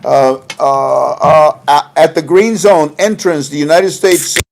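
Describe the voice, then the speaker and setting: A man's voice: a little high, fairly even intonation, slow, creaky, slight background noise. A man reading out reports in a casual livestream commentary, with chuckling asides, trailing off and restarting often, recorded on a phone. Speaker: online commentator.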